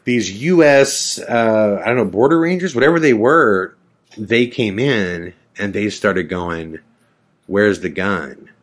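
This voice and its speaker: Low-voiced man telling a story. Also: unhurried. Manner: animated, acts out the voices of people in his story. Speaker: podcast host. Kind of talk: personal storytelling. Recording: podcast audio.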